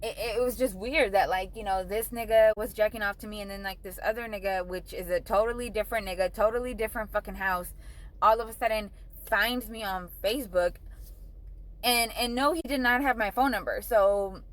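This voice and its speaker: A woman's voice: mid-range voice, a little fast, poor audio. A young woman vlogger telling a story in a casual, rambling way, swearing often and saying "like" a lot. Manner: profane, rambling, says "like" a lot.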